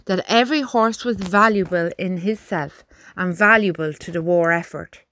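Earnest young soldier, woman doing it, higher pitch, respectful. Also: normal speed, pushed and bright. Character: earnest young male private, respectful and eager.

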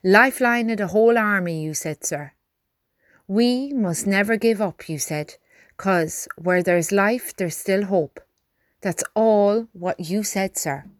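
A woman voices an eager young private, earnest and respectful. His voice sits higher than her narration and speaks up with conviction. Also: takes it slowly, dry recording, studio quality.

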